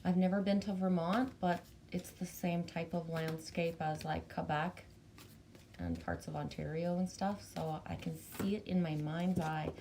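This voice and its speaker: A woman's voice: on the low side, steady tone, measured pace, mellow, a little hiss or hum. A woman from Canada with a Canadian accent, hosting a casual livestream, chatty and bubbly, greeting viewers by name and swearing casually. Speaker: livestream host reading chat. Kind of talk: casual live chat.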